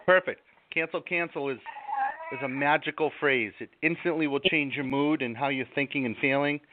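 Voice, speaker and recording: A man's voice: on the high side, normal speed, a little hiss or hum. A man giving self-help advice in a live interview, talking casually and acting out angry outbursts. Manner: animated, acts out angry outbursts. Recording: tinny phone-like sound, dry.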